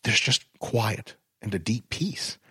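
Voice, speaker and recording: A man with a husky, slightly low voice talks as a podcast guest, recorded close and dry. He is blunt and swears freely. When he gets fired up, his pitch jumps high. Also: slow, no room sound. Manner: animated and explanatory, swings up in pitch when fired up. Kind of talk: casual podcast chat.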